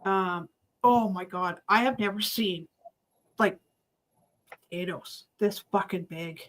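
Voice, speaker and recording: A woman chatting casually, profane and full of quick restarts. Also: medium pitch, a bit bright. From Canada. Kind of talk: casual chat.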